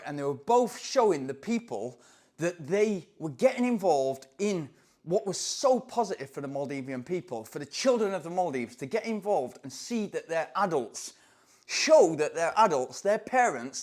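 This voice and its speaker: A man from England, a running coach telling a story in an animated, excitable way. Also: on the high side. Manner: animated, excitable, acts out voices in anecdotes. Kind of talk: casual storytelling to camera.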